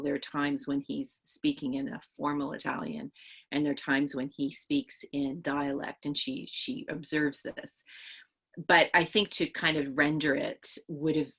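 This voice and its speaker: A woman's voice: sits low, a bit bright. A woman author answering interview questions, thinking aloud at length and often restarting her sentences. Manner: thoughtful, explaining at length with many restarts.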